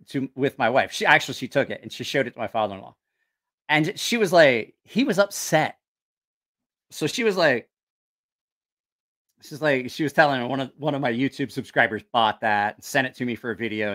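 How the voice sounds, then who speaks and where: A man's voice: mid-range voice, a bit bright. A man hosting a casual live stream who rambles, swears freely and loses his train of thought. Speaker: knife channel livestream host. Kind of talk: casual livestream chat.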